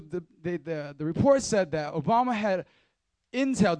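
A man's voice: high-pitched, darkish tone, no echo. A man speaking as a youth pastor, giving a casual, slangy sermon and talking straight to the crowd.

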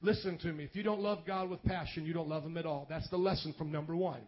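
Male pastor, high-pitched, impassioned sermon delivery with mimicry, lo-fi church audio over guitar. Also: fairly even intonation, fast. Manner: preaching with rising intensity and mimicked dialogue. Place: church sanctuary. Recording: dull lo-fi church recording with guitar music.

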